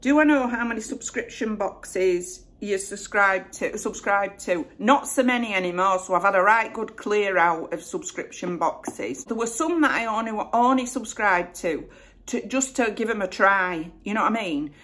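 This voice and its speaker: A woman's voice: medium pitch, normal speed, fairly bright tone. A middle-aged woman from Bradford with a West Yorkshire accent, chatting casually and rambling through a Q&A vlog. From Bradford, England. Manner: chatty, rambling, self-correcting. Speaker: vlogger. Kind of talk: casual Q&A chat.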